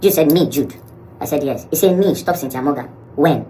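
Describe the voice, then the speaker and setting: A man with a Nigerian accent telling a story in a vlog. He acts out the quoted dialogue in an animated way and mixes Pidgin into his English. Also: a little high, brisk, slight background noise, poor audio. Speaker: social media commentator.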